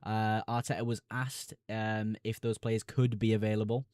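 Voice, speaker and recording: Mackem-accented man, low dry voice. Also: flat delivery, darkish tone, smooth, dry recording. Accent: Sunderland (Mackem). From Sunderland, North East England. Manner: casual, chummy, reads a question aloud then answers briskly. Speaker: fantasy football streamer host. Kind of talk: live stream Q&A, reading chat questions.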